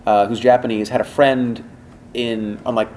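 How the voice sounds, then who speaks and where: A man who works as a voice director and voice actor, answering podcast questions in rambling, animated stories full of fillers and restarts. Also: medium pitch, moderate pace, a little hiss or hum. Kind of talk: casual podcast interview storytelling.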